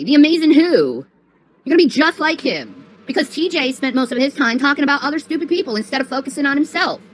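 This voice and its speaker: A woman's voice: sits high, slight background noise, rough recording. A woman ranting on a livestream, profane and mocking, repeating herself as she scolds critics.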